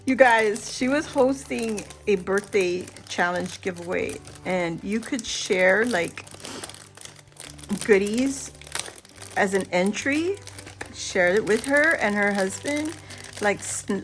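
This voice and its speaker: A middle-aged woman vlogger chatting casually and excitedly as she unboxes a birthday gift, gasping and laughing. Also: mid-range voice, slight background noise. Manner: excited and giddy, many gasps and laughs. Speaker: crafting vlogger.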